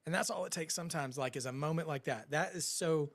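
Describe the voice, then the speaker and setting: A man's voice: fairly high pitch, fast, no room sound. A man co-hosting a live wrestling watch-along in casual chat, rambling and chatty.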